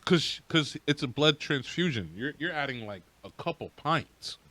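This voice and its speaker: A man co-hosting a podcast, ranting in a profane, slangy, animated way during casual chat. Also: on the high side, normal speed, no room sound. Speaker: podcast co-host.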